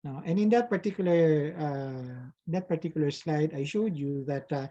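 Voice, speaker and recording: A man's voice: a little high, normal speed, dark tone, lo-fi sound. A Filipino man, an engineer and invited expert, answering questions in a webinar, hesitant with many fillers and a habitual questioning "no?". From Philippines. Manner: hesitant, frequent "uh" and tag "no?". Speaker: resource speaker, engineer. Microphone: video call.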